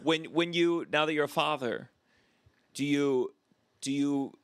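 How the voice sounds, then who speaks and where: A man's voice: fairly high pitch, unhurried, a little hiss or hum. A man hosting a comedy podcast, chatting frankly and casually with occasional swearing. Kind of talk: casual chat.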